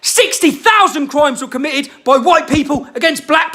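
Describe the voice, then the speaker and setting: A man rants straight to camera in a furious, confrontational voice. His pitch sits very high, and his tone is tense and sharp. He shouts, swears freely and keeps hitting his targets with rhetorical questions. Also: expressive, moderate pace. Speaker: political commentator. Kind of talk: angry rant to camera.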